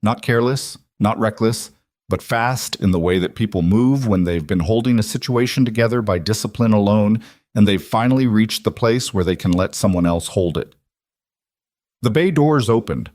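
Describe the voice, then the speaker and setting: Low-voiced guy narrating a story, steady and measured, dry mic. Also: no echo.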